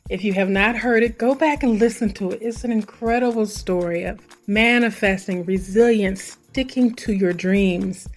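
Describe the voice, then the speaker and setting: A woman's voice: medium pitch, normal speed, few pauses, faint music behind. A woman from Missouri hosting her podcast in a chatty, enthusiastic, rambling way. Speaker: podcast host. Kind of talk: casual podcast monologue.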